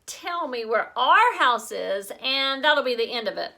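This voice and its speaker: A woman's voice: high voice, sing-song, unhurried, gravelly, sharp tone, exaggerated voice. Woman doing an exasperated sarcastic preteen boy.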